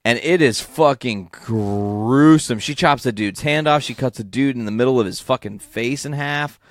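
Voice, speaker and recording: A man's voice: mid-range voice, normal speed, no room sound. A man co-hosting a podcast, chatting casually and enthusiastically, with lots of swearing. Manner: enthusiastic, profane, rambling. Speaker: podcast co-host. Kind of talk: casual comic book chat.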